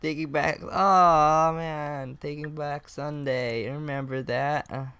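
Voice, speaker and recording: A man's voice: fairly high pitch, fairly even intonation, takes it slowly, pushed and bright, a little hiss or hum. A young man casually commenting while playing a chat game, reading messages aloud, swearing and laughing often. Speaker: gaming YouTuber. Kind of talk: casual let's-play commentary.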